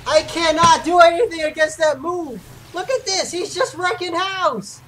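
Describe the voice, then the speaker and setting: A young man commentating his own gameplay, breaking into loud, swearing, frustrated outbursts. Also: extremely high pitch, moderate pace, a little hiss or hum. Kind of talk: gaming commentary.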